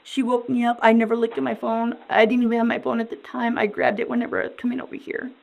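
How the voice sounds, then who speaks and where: This woman in a police interview sounds dazed and upset, her high, fry-laden voice carrying a level, somewhat dark tone. She rambles in broken bursts and keeps circling back to the same words, captured on a rough recording.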